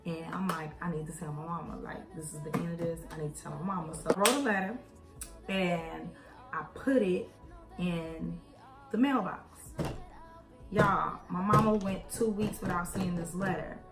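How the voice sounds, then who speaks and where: A woman's voice: fairly low pitch, moderate pace. A young woman casually telling a personal story to her viewers as she does her makeup, playing out other people's lines in voices. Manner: animated, acts out quoted voices, addresses viewers as y'all. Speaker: beauty vlogger. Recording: echoey room with faint music.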